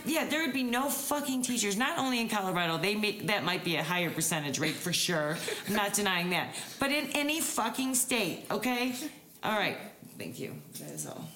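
A woman co-host in casual chat, brash and profane, ranting loudly about her choices. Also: medium pitch, animated, normal speed. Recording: echoey room, faint noise.

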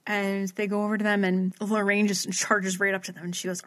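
A woman's voice: medium pitch, flat delivery, normal speed. A woman talking casually with a friend, winding through a long story. She fills it with "like" and restarts, and she acts out quotes in her own voice. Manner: rambling storyteller, heavy use of "like", acts out quotes. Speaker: podcast co-host recapping a paranormal TV episode. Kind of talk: casual chat.

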